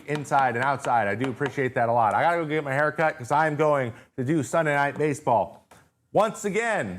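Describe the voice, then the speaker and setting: A man hosting a casual live-stream Q&A, talking in a loose, joking, rambling way full of filler words. His voice sounds worn and tired. His pitch sits in an ordinary middle range for a man. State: tired, voice wearing out. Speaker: show host.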